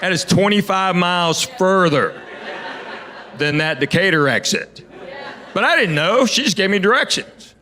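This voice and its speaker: A man's voice: high voice, lively intonation, measured pace, crowd noise. Man telling stand-up stories. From Knoxville, Tennessee. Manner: easygoing storytelling, bantering with the audience. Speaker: stand-up comedian. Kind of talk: stand-up comedy set. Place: comedy stage before a live audience. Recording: live show with audience noise.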